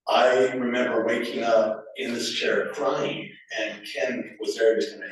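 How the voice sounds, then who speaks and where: A man's voice: medium pitch, fairly even intonation, measured pace. A man giving a funeral eulogy for a family member, telling casual anecdotes with fillers and restarts and chuckling between stories. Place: funeral home chapel. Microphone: distant from the recording microphone. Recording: echoey room recorded from far off.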